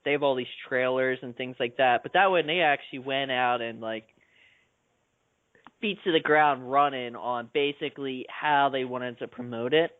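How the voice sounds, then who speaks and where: A man's voice: mid-range voice, moderate pace, clean tone, no room sound. A man trading sarcastic, mocking jabs in a casual movie discussion. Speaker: podcast panelist. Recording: dry, tinny phone-like sound.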